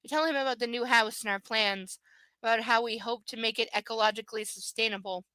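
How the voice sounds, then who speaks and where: A woman's voice: a little high, steady tone, quick pace, bright, forceful tone, dry recording. Sarcastic woman reading aloud live. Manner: sarcastic, profane asides. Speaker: livestream reader. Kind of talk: live reading with mocking commentary.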